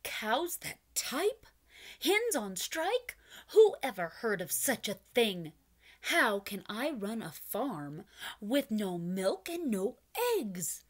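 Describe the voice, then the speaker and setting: A woman voicing an angry middle-aged male farmer, ranting loudly and indignantly. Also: a little high, sing-song, slow, heavily acted. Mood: furious.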